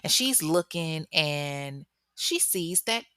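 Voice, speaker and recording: A young woman tells a true-crime story in a lively, joking way, leaping up in pitch when she acts out what people said. Her voice is bright and crisp. The sound is dry and close. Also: takes it slowly, no echo. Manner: animated and joking, acts out quotes with big pitch jumps, laughs often. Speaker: true-crime podcast host. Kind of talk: casual storytelling with commentary.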